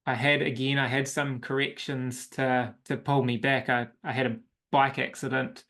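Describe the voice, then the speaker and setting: A man's voice: medium pitch, level tone, moderate pace, a bit bright. A man, a coach, telling his personal story as an interview guest in a reflective, emotional way.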